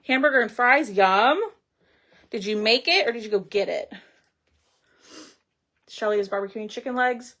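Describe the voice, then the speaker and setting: A woman's voice: a little high, normal speed, long pauses, a bit bright. Chatty woman hosting a craft livestream. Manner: chatty, reads viewer comments aloud while crafting. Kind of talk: casual craft livestream chat.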